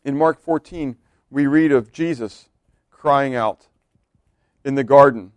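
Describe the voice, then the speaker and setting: Speaking slowly at a medium pitch, this pastor has a slightly mellow voice with no echo. He preaches informally, asking the congregation questions and laughing from time to time.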